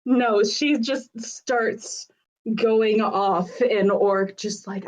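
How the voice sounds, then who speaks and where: Slow-talking young woman game player. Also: medium pitch, a little mellow, poor audio. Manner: chatty, with lots of fillers and laughs. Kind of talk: casual role-play narration.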